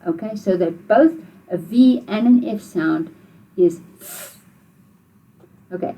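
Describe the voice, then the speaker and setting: A South African woman leads a video lesson for children. She talks slowly and patiently, repeating each phrase so young learners can say it back. Her voice is mellow and a little husky. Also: medium pitch, poor audio. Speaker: Afrikaans language teacher.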